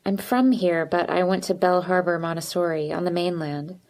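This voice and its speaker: A nervous, withdrawn teenage girl who speaks in a quiet, hesitant way, as a woman reads her in an audiobook. Her voice sits lowish. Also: fairly even intonation, moderate pace, lightly acted.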